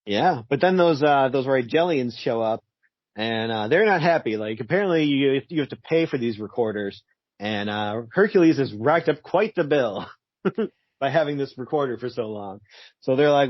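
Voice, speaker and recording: A man's voice: medium pitch, lively intonation, normal speed, no echo. A man co-hosting a casual podcast, recapping a comic and laughing as he talks. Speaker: podcast co-host. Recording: muffled lo-fi podcast audio.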